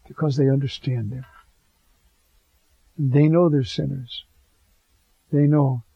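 A male priest giving a sermon in a fervent, animated way, chuckling now and then. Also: on the high side, husky, dry recording. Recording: dull lo-fi dry recording.

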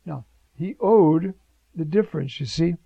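A man preaching a sermon with emphatic, animated delivery, rhetorical questions and frequent fillers. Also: on the high side, measured pace, gravelly, husky, no room sound. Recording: dull lo-fi recording.

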